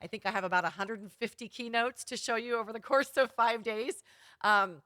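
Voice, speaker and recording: A woman's voice: on the high side, fairly quick, sharp tone, dry recording, studio quality. A woman photography business coach giving an upbeat, chatty live-streamed workshop.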